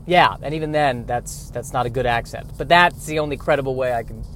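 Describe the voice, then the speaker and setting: Animated, riffing comedic man. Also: medium pitch, fairly quick, slight background noise. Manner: animated, self-interrupting, playful. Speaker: podcast host.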